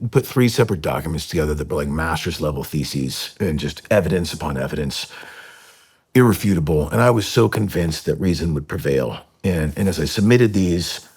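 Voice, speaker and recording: A middle-aged man speaking as a podcast guest, telling an emotional personal story in an earnest, halting way with many fillers and restarts. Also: low-pitched, a little mellow, husky. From United States.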